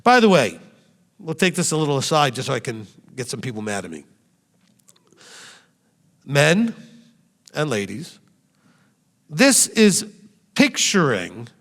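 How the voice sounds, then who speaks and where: A man's voice: on the high side, wildly swooping pitch, unhurried, pauses often, fairly bright tone. A male rabbi preaching a sermon, speaking animatedly and putting direct rhetorical questions to his congregation. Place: meeting room with a congregation. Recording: long reverb in a hall.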